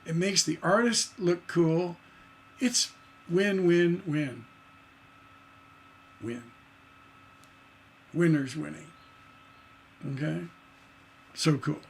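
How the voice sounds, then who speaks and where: A man's voice: a little high, extremely slow, vocal fry, pauses often, a little hiss or hum. A man teaching songwriting on a livestream, enthusiastic and singing rhythm syllables to show his points. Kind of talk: livestream lesson.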